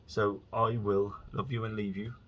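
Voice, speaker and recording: A man with a lowish voice rambles through a casual solo monologue. He tells stories in a chatty way, often restarting his sentences. A faint hiss sits under the recording. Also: level tone, moderate pace, muffled recording. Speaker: vlogger.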